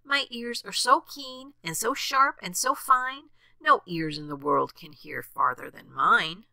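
Grandma doing a cocky little storybook rabbit, bragging loud, a bit gravelly. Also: female voice, medium pitch, expressive, unhurried, no room sound, voice pushed up, exaggerated voice. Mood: boastful. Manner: bragging, puffed-up. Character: boastful young male rabbit.

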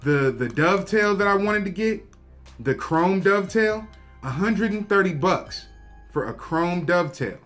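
A man's voice: high voice, animated, unhurried, a bit bright, faint music behind. Laid-back man showing off a handgun. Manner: laid-back, slangy, talks to viewers directly. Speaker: gun review vlogger. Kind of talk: casual show-and-tell review.

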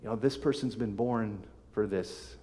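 A man preaching a sermon as pastor, reading scripture aloud with emphatic swells and sudden soft drops. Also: fairly low pitch, unhurried. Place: church sanctuary. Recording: long hall reverb.

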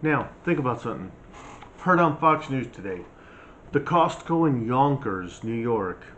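A man ranting in a blunt, mocking, scolding monologue as a prepper vlogger. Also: medium pitch. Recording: slightly dull lo-fi sound, faint hiss.

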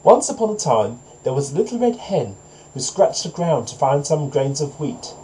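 Man, narrator, fable reading, mellow, fairly high voice, moralising. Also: very animated, normal speed, a little hiss or hum, rough recording. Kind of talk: storybook narration, then preachy commentary.

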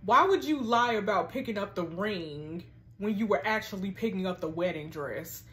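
Animated, laughing woman host commenting on a story. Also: mid-range voice, moderate pace. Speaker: host reacting to a text story. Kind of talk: casual commentary on a text story. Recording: roomy echo.

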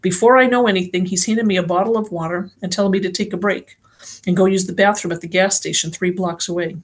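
A woman's voice: lowish voice, fairly even intonation, quick pace. Give me a woman reading a first-person story aloud in a plain, slangy voice. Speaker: audiobook reader. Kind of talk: first-person audiobook narration.

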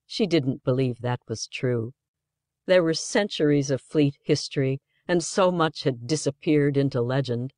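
A man narrating an audiobook in an even, measured storytelling voice. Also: medium pitch, dry recording, studio quality. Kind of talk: scripted narration.

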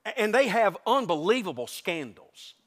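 A man's voice: sits high, sing-song, normal speed. A man preaching a sermon to his congregation, impassioned and joking, often repeating and restarting his words. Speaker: pastor. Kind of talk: lively Southern revival sermon. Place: church sanctuary before a congregation.

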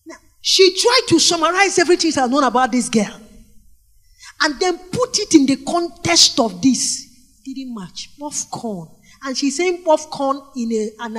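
Nigerian woman, middle-aged, high-pitched, preacher, animated sermon, call-and-response. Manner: animated storytelling with call-and-response questions to the congregation.

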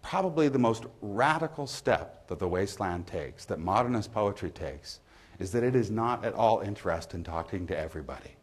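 A man who is a literature professor, giving a measured, emphatic university lecture in a lecture hall. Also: on the low side, animated.

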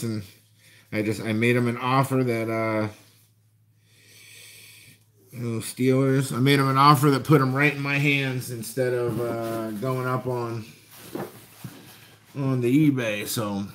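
Excitable man opening trading cards. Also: medium pitch. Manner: excitable, shouts at good finds. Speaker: card collector vlogger. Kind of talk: casual chat while opening cards.

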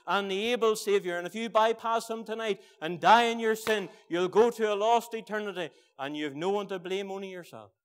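A man with a Northern Irish accent preaching a fervent evangelistic sermon in a church meeting, swinging between hushed pleas and loud emphatic cries. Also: high-pitched, clear, resonant tone.

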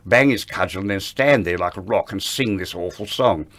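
Older man, low voice, telling stories. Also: normal speed. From Australia. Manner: lively raconteur who acts out the people in his stories. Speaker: interview guest, ballet veteran. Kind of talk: anecdotal interview storytelling.

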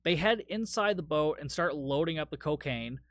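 A man's voice: a little high, animated, moderate pace, fairly bright tone, no room sound. A man hosting a solo podcast, recapping a movie in a casual, rambling, profane way, tired after a long day. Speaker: podcast host.

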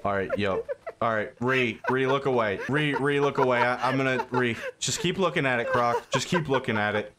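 A man chatting casually with friends while gaming, excitable and swearing, often breaking into high laughter. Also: moderate pace. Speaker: gaming YouTuber. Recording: loud noise and keyboard clicks.

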